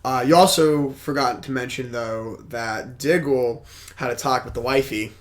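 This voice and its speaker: Man, podcast co-host, casual chat, animated recap, laughs a lot, mid-pitched voice. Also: unhurried, faint music behind.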